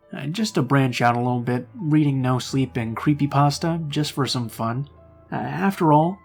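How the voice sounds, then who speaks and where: A man who hosts a horror story channel, reading a story and then chatting with viewers in a relaxed way, often saying "uh". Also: fairly high pitch. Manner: relaxed, chatty, with frequent filler "uh". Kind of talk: story reading and casual outro.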